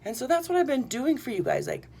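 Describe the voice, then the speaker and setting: A woman's voice: sits high, very animated, fast talker, darkish tone, breathy edge. A woman energy healer talking casually to her viewers in a bubbly, rambling way with lots of fillers. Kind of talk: casual talk to camera.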